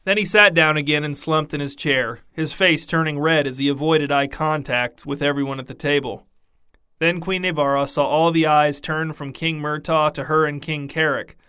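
A man narrates a comic fantasy tale in a dry, deadpan way. His voice is bright and clean, pitched a touch high for a man. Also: normal speed, smooth. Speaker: audiobook narrator. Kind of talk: scripted narration.

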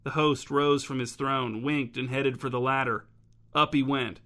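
A man narrating a story in a steady, measured audiobook style. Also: mid-range voice.

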